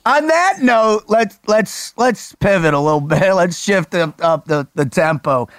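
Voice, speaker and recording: A man hosting a casual podcast chat, energetic and swearing freely as he tells stories. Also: high-pitched, a little slow, no echo, studio quality. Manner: energetic, profane storyteller. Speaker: podcast host.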